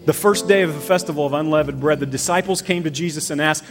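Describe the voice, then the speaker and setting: Lively preaching man over soft music. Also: on the high side, quick pace. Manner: lively, acts out quoted voices, conversational preaching. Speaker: pastor. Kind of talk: sermon. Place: church. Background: soft piano and guitar music.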